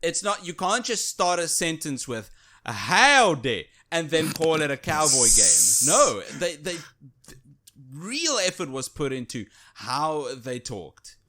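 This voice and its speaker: A man's voice: fairly high pitch, very animated, unhurried, bright, forceful tone. A man co-hosting a casual podcast chat, gushing with enthusiasm. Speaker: podcast co-host.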